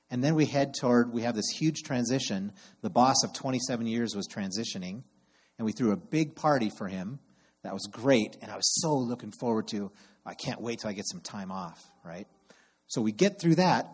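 A middle-aged man preaching a sermon, telling animated personal stories and acting out his exasperated outbursts. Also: medium pitch, slightly rough. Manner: animated storyteller who acts out exasperated outbursts. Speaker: camp program director preaching.

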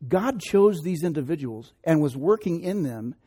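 A man's voice: fairly high pitch, lively intonation, moderate pace, mellow, slightly rough. A man preaching a sermon, retelling a scripture story conversationally with joking asides. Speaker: pastor.

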